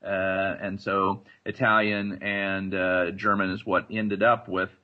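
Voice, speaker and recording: A man's voice: deep voice, level tone, slow pace, phone-quality sound. A man speaking as a podcast guest, rambling through his answers in a casual roundtable chat. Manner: rambling, lots of fillers and restarts. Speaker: guest collector and curator.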